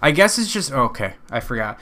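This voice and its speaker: A man's voice: mid-range voice, big pitch swings, a little fast, pushed and bright. A young man hosting a podcast, rambling through a profane, self-mocking comedic monologue. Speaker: podcast host.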